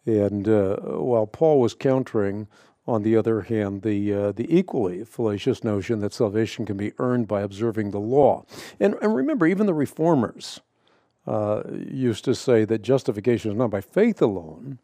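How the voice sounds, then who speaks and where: A man hosting a radio Bible program, explaining scripture in a measured, emphatic way with frequent fillers and restarts. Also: fairly low pitch, warm tone, no echo, studio quality. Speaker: radio show host answering Bible questions. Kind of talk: radio teaching monologue.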